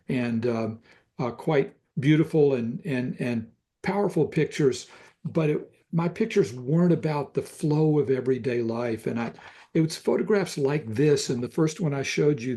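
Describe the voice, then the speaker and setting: Mellow-voiced older Southern man, thoughtful. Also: mid-range voice. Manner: thoughtful, halting with many fillers. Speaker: photographer guest. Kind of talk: reflective conversation about photographs.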